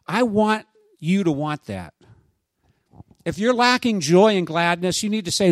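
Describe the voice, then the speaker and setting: A man preaching a sermon as pastor, in a conversational, animated way with asides to his congregation. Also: high-pitched, normal speed, no room sound.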